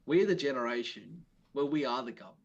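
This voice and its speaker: A male guest talks in an earnest, driving way, pressing his points harder as he goes. His voice sits at a middle pitch. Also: expressive, fast talker, gravelly, dull audio. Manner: earnest, rising to emphatic points. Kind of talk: casual chat.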